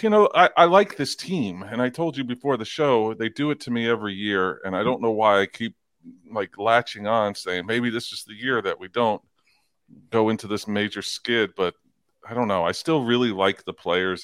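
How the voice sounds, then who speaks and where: A man's voice: lowish voice, steady tone, normal speed, a bit bright, smooth, no echo. A man co-hosting a casual sports talk podcast, rambling, stammering and firing off rhetorical questions. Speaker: podcast co-host.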